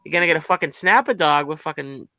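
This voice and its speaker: A man's voice: a little high, fast talker, pushed and bright, no room sound, pitched below the performer's own voice, rough recording. A man doing a foul-mouthed Boston tough guy. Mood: boasting. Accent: put-on Boston. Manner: rambling, swearing in nearly every phrase. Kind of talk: improvised comedy bit on a live web show.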